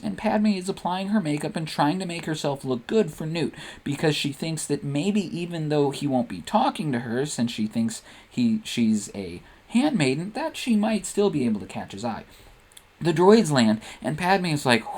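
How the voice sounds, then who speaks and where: A man hosting and narrating a comedic story in a playful, animated way. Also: on the high side, normal speed. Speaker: host and narrator.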